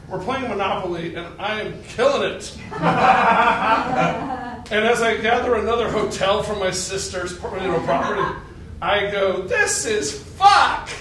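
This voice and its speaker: A man in his forties with a high, bright, forceful voice tells an animated personal story on stage and laughs along with it. He is heard from some distance in a very echoey hall. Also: a little hiss or hum. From Arkansas, USA. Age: 40s.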